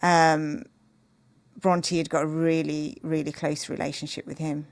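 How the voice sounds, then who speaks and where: Woman guest talking things through, low voice with some fry, dry close mic. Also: little pitch movement, dry recording. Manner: earnest, measured and openhearted. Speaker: podcast guest, author. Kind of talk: reflective interview conversation.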